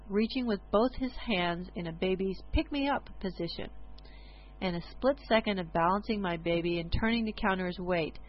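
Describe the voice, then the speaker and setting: A woman reading a first-person story aloud in a measured, expressive way. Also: mid-range voice, highs cut off.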